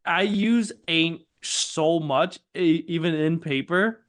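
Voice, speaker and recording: A young man from Vietnam co-hosting a casual podcast chat, telling stories with quick asides. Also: a little high, fairly bright tone, no echo, clean studio sound. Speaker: co-host.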